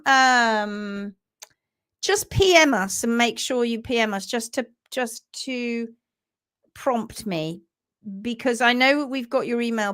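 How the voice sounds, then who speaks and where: A woman's voice: high voice, a bit bright. A woman hosting a live stream, greeting viewers by name and reading their comments aloud in an earnest, sympathetic way. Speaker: live stream host, hoof trimming teacher. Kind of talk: casual live stream chat.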